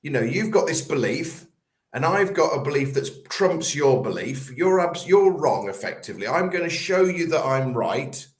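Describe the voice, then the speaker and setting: Man, sales coach, casual podcast talk, animated storyteller. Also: fairly high pitch, moderate pace, reverberant. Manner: animated, acts out little scenes in quoted voices.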